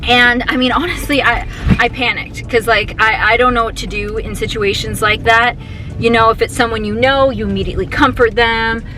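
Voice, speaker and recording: A young woman vlogging in a casual, chatty way, excitable and full of fillers and restarts as she talks to her camera. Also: fairly high pitch, moderate pace, a little hiss or hum, low-quality recording. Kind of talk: casual vlog chat. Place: car, then store and home. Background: music.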